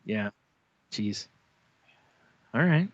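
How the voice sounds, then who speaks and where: A man's voice: lowish voice, lively intonation, extremely slow, no echo, muffled recording. A man co-hosting a podcast, chatting casually with loose profane banter. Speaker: podcast co-host. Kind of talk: casual chat.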